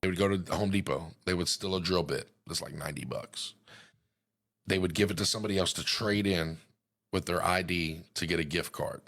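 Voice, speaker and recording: A man's voice: low voice, fairly even intonation, brisk, gravelly, a bit bright. A man telling a story in a casual, matter-of-fact way.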